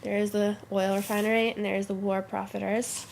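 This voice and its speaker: A woman's voice: medium pitch, little pitch movement, a little fast, vocal fry, hardly any pauses, background noise. A teenage girl who is sick and congested, rambling to her webcam in her bedroom, chatty and easily sidetracked. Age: teens. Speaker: vlogger. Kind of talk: casual chat to camera.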